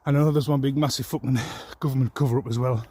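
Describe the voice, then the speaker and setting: A man's voice: medium pitch, fairly even intonation, quick pace, mellow, a little hiss or hum. A man ranting angrily to the camera in a rambling, profane, aggrieved way. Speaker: vlogger. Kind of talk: angry personal rant.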